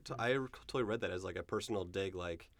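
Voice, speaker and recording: A podcast co-host in casual chat, throwing in quick, joking asides. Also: deep voice, vocal fry. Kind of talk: casual chat about an episode.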